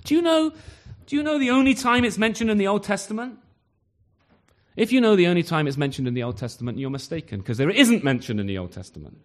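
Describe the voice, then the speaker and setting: A man's voice: high voice, quick pace. A man preaching a sermon to a local church congregation, firing off rhetorical questions and acting out little exchanges. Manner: lively, full of rhetorical questions and acted-out exchanges.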